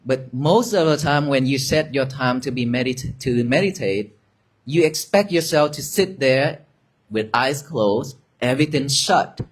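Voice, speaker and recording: Male monk, mid pitch, very slow and gentle meditation guidance in a dharma talk. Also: animated. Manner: slow, gentle, repetitive guiding cues, soft at times. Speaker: Buddhist monk teaching meditation. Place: monastery gathering with an audience.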